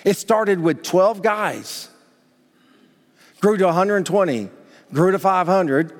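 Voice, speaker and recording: A man's voice: high voice, takes it slowly. A male pastor preaching a sermon, talking conversationally and asking the congregation rhetorical questions. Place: church sanctuary. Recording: long hall reverb.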